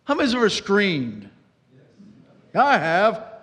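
A man delivers a sermon in a high, fervent voice, repeating himself and rushing then slowing. A long reverb trails every phrase in the hall. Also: wildly swooping pitch, a bit bright. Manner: dramatic preaching with repetitions and sudden pace changes. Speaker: pastor.

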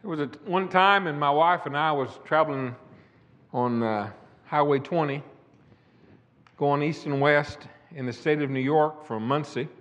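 Older man, preacher, high voice, folksy, builds to emphatic declamation, echoey hall. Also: moderate pace, fairly bright tone. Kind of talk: sermon with personal testimony.

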